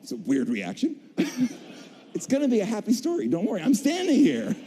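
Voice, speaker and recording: A middle-aged man telling his career story on a convention stage, an animated storyteller who acts out voices and jokes. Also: very high-pitched, fairly quick. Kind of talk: stage talk to a convention audience. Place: large convention hall stage. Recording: long hall reverb.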